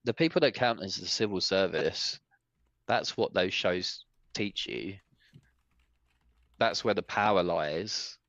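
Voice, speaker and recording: A man hosting a casual podcast chat, talking in animated, opinionated rants. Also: low voice, slow, pauses often, no room sound. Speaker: podcast host. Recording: dull, dry podcast mic.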